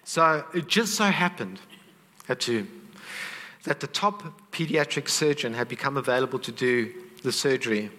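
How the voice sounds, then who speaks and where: A man's voice: mid-range voice, normal speed, pushed and bright, big-room sound. A middle-aged man teaching on faith, earnest and heartfelt, openly emotional as he tells a family story. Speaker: Christian teacher.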